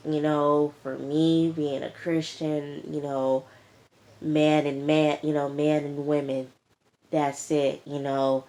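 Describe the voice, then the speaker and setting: A woman imitating another woman who speaks in a low, tired-sounding drawl, as if half asleep. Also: level tone, slow, mellow. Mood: defensive. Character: weary, mellow-voiced woman, slow and tired-sounding.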